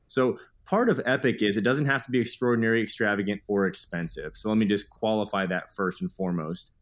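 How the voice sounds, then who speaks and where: A man's voice: on the low side, fairly quick. A man in his thirties, a guest author telling stories in an earnest, upbeat way in a podcast interview.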